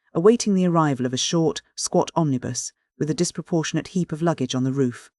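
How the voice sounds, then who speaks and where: Steady audiobook narrator, dry sound. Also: mid-range voice, dry recording.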